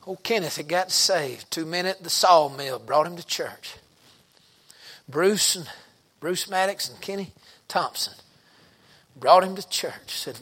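A middle-aged preacher man tells stories from the pulpit in a slightly raised voice. He talks in a folksy, down-home way and punches certain words loudly for emphasis. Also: a little high, measured pace, breathy edge. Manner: folksy, colloquial storytelling with bursts of loud emphasis. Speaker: pastor. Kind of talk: storytelling sermon.

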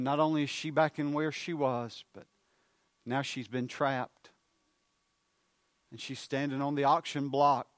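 A man preaching a sermon, moving from hushed storytelling to loud, fervent appeals. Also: on the high side, no echo.

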